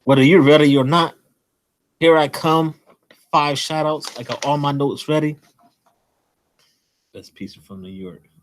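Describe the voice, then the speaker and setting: A man hosting a comic collecting channel, enthusiastically and nervously rambling through shout-outs to small creators. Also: on the high side. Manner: admits to nerves, pauses to breathe. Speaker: host. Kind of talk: casual channel shout-out monologue.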